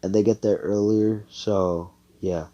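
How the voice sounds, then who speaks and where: A man's voice: on the low side, steady tone, a little slow, warm tone, lo-fi sound. A man casually retelling a fan story, rambling and cussing with lots of filler words.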